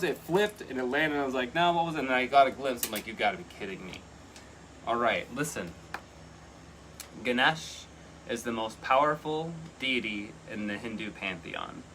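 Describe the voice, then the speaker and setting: Guy doing a live tarot read, bright voice, chatty, gets all excited, bit of room noise. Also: medium pitch, poor audio. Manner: chatty, earnest, excitable bursts. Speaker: tarot reader.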